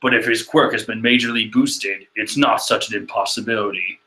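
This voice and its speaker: A man voicing a calm adult male teacher-hero who explains things in a lower, steady tone. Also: brisk, creaky. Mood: explaining. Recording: echoey room.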